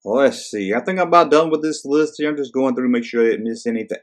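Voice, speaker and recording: Speaking briskly at an ordinary pitch, a channel host delivers a casual, exasperated rant. He's sarcastic and fed up, cursing freely as he reacts to one item after another.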